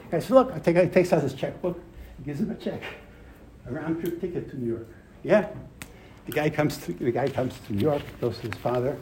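A man giving a Torah class to a live audience, telling a story with lively emphasis, repeating phrases and using Hebrew terms. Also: on the high side, brisk, slight background noise, poor audio.

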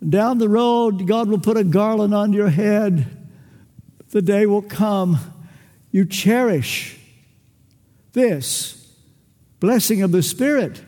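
Older man preaching, slow and echoing. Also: high-pitched, mellow. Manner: emphatic, with acted-out dialogue and long pauses. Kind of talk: sermon. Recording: church with long reverb.

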